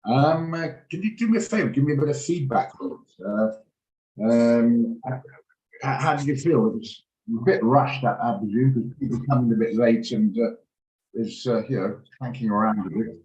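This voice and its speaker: A man of middling pitch hosts a live trading session over a video call. He talks in a loose, joking way, full of ums and restarts. His voice bounces around an echoey room. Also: normal speed, a little mellow, muffled recording. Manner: chatty, joking, with many fillers and restarts.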